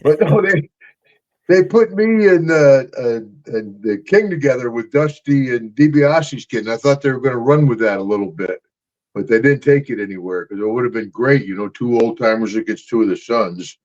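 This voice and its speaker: An older man co-hosting a podcast in casual chat, gruff and boisterous, with loud shouted asides. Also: mid-range voice, moderate pace. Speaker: podcast co-host, retired wrestler. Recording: dull lo-fi podcast audio.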